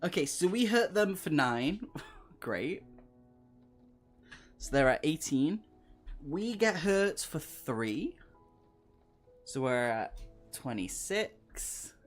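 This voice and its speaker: A man's voice: on the high side, very animated, slow, pauses often, soft background music. A man streaming a gamebook playthrough, reading aloud and chatting with viewers, laughing often. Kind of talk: live-stream reading and chat.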